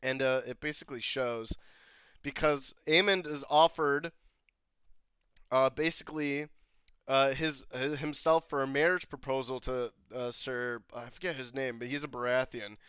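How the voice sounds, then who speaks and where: A man's voice: medium pitch, steady tone, moderate pace, a bit bright, clear, resonant tone, no echo. Profane, rambling young man reviewing a show. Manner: profane, rambling, laughing often. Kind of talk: casual episode breakdown.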